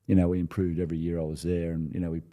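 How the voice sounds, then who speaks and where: An Australian man in his forties chats as a podcast guest. His voice sits low and dark, and he spins long anecdotes in a loose, good-humoured way, tripping over his words and starting again. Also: little pitch movement, very fast. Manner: laid-back, chuckling anecdotes with many restarts. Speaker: podcast guest, former rugby player. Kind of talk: casual storytelling interview.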